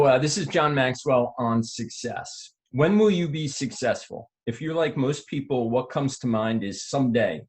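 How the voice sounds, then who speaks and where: A man co-hosting a call, reading an article aloud in a deliberate radio-announcer style. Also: mid-range voice, a little mellow.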